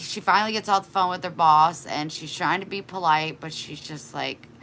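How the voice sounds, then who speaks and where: A woman vlogger telling a story in a casual, animated and exasperated way to her live chat. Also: lowish voice.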